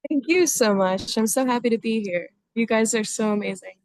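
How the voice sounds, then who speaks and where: A woman's voice: on the high side, brisk, darkish tone. A woman reading her own poetry over a video call, dramatic in the poems and chatty in her asides. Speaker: poet reading her work. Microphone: video call microphone.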